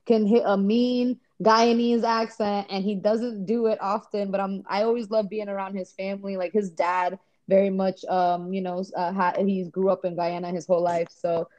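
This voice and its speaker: A woman's voice: mid-range voice, flat delivery, moderate pace, few pauses, darkish tone. A woman from Rhode Island, a podcast guest in casual chat, talking in an enthusiastic, rambling way with lots of "like.". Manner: chatty, filler-heavy, enthusiastic.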